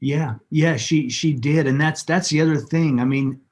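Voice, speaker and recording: A man as an interview guest, telling a personal story in an earnest, halting way and repeating words when moved, speaking over a video call. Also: a little high, fairly even intonation.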